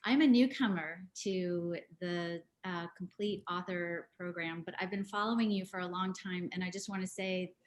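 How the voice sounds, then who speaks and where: A woman's voice: fairly low pitch, moderate pace, few pauses. A woman on a video call from her home, giving an earnest tribute with frequent ums. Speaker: party guest. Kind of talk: heartfelt tribute speech.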